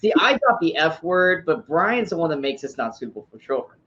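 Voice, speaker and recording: Guy hosting a chat, talks in loops and laughs mid-story, kinda muffled audio, low noise behind. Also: sing-song, a little fast, sharp tone. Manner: rambling, repeats words, laughs through stories. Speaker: podcast host. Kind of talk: casual review chat. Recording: dull sound with faint background noise.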